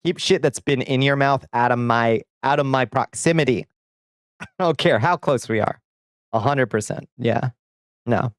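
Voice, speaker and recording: A medium-pitched man speaks unhurriedly in clean studio sound with no echo. He's a streamer chatting casually on a livestream, reading viewer comments aloud and answering them with blunt, profane jokes while laughing often.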